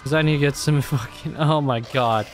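A man's voice: mid-range voice, moderate pace, soft background music. A young man commenting on his own gameplay, exasperated and cursing often as he talks to himself. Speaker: gamer.

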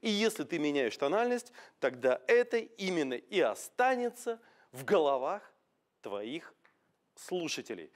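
A man lectures on public speaking in a lively, fairly high voice that swoops up and down as he shows how to change tone. His delivery is emphatic and motivational, like a coach working a seminar audience. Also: moderate pace, no room sound, clean studio sound. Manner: emphatic, demonstrates tone shifts.

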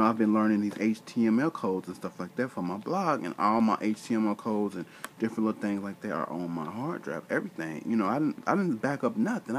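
A man's voice: fairly low pitch, a little hiss or hum. A man telling a story in a casual vlog rant, exasperated and slangy, acting out bits of dialogue. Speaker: vlogger.

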